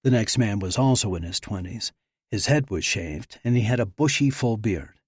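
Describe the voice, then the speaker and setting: A man narrating an audiobook thriller in an even, measured reading. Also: on the low side, slightly rough, dry recording, studio quality. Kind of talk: scripted narration.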